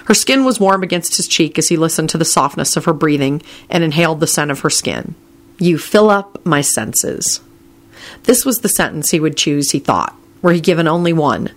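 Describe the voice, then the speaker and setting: Low-voiced woman reading a story. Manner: calm, measured narration. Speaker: narrator.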